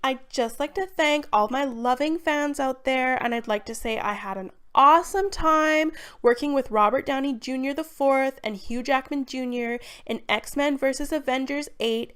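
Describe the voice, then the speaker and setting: A woman voicing a vain celebrity princess, gushing and promoting herself in a bubbly sales-pitch manner. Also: fairly bright tone, clear, resonant tone.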